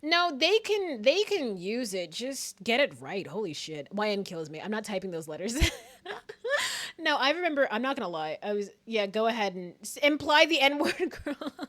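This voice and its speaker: A young woman streaming a game, chatting casually with viewers in a giggly, animated manner and swearing now and then. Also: on the high side, moderate pace. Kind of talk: casual chat while playing a game.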